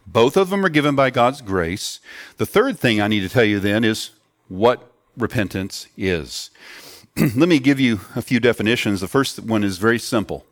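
A man's voice: lowish voice, expressive, moderate pace, dry recording, clean studio sound. A man preaching a sermon to children and adults in an earnest teaching tone, putting questions to the children. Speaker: pastor.

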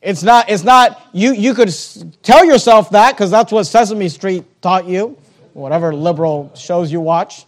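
A high-pitched man preaching to his congregation. He is emphatic and conversational, repeating key phrases for weight and speaking straight to the listeners in the pews. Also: normal speed. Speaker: pastor. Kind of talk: sermon.

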